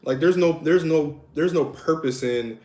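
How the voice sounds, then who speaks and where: A man's voice: fairly high pitch, measured pace, darkish tone, roomy sound. A man co-hosting a podcast in casual chat, talking candidly with many restarts and "you know"s. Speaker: podcast co-host.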